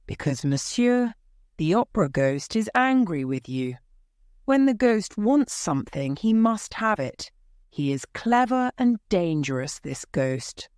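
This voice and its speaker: A woman's voice: on the low side, big pitch swings, a little slow, a little mellow, clean tone, dry recording, studio quality, voice pushed up. Woman playing a scornful, fearless doorkeeper woman. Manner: scornful, knowing.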